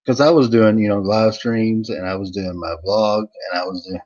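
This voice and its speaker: Halting, rambling wrestling show host man. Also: lowish voice, steady tone, a little mellow, muffled recording. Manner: rambling, halting, folksy grammar. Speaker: YouTube wrestling channel host. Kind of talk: casual chat.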